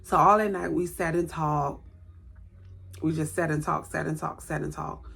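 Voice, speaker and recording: A woman's voice: sits low, fairly even intonation, normal speed, gravelly, fairly bright tone, husky. A woman in her late thirties telling a personal story on camera at home, repeating words for emphasis and acting out what people said. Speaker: vlogger. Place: indoors at home, by a light.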